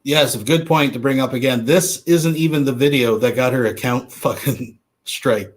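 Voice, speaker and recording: Man, middle pitch, casual commentary host, wry, offhand, casual swearing. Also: normal speed.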